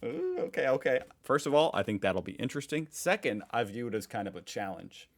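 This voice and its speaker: A man's voice: mid-range voice, wildly swooping pitch, fairly quick. A young American man hosting a reaction video, chatting casually with curiosity and easy amusement. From United States.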